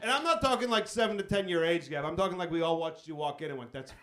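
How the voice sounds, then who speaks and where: A man's voice: high voice, fast talker, heavy background noise. A man doing stand-up comedy in a club, teasing the audience with profane, riffing crowd work. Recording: live club recording with crowd. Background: audience laughter.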